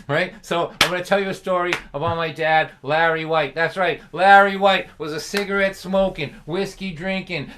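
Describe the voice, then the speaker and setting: A man's voice: sits high, fairly bright tone. A middle-aged man from the Boston area telling a chatty story between folk songs on a live stream, laughing often. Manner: chatty, laughs often, does voices for family.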